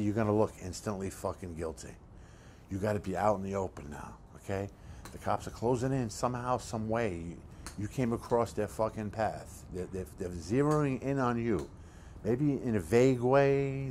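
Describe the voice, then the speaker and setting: An actor playing a hulking, foul-mouthed criminal who talks bluntly and swears constantly in a low-budget film monologue. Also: male voice, normal speed, darkish tone, a little hiss or hum, lightly acted. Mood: instructive. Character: hulking profane criminal man, coldly scheming.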